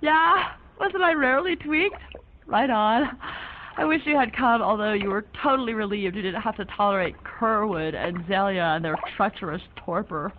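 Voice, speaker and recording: A breezy one-sided phone call has an actress voicing a chatty, offbeat young woman who rambles to a friend in quirky, ornate slang. She speaks at medium pitch and normal speed, lightly acted, and the sound is narrow like a phone line, with a faint hiss.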